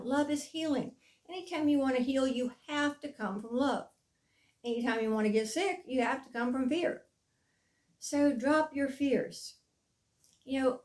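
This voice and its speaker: A middle-aged woman giving an earnest motivational talk as a mindfulness coach, stressing key phrases slowly. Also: fairly high pitch. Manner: earnest, emphatic, with slow deliberate stresses.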